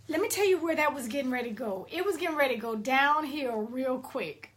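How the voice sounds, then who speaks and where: A woman coach giving a lively, emphatic motivational talk on a live stream and greeting viewers by name. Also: high voice, moderate pace.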